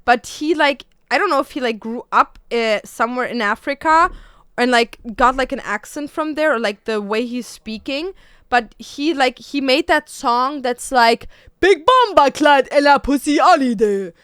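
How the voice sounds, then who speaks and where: Young woman streamer, high voice, rambling casual chat, dry close desk mic. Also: moderate pace, fairly bright tone, smooth, no room sound. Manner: rambling, filler-heavy, with many "like"s.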